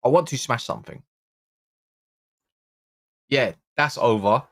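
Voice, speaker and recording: A man vents on a live fan stream, swearing and slinging street slang as his frustration boils over into frantic, high-pitched rants. His voice sits at a middling pitch, and the sound is close and dry, with no room echo behind it. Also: unhurried. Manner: exasperated, slangy, swearing, rising to frantic outbursts. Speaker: football channel host. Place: indoor room.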